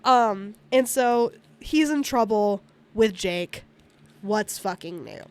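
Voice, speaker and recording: A woman's voice: medium pitch, expressive, takes it slowly, clear, resonant tone. A woman streamer casually recapping a movie, rambling, swearing often and acting out the characters' lines. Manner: rambling, frequent swearing, acts out character quotes.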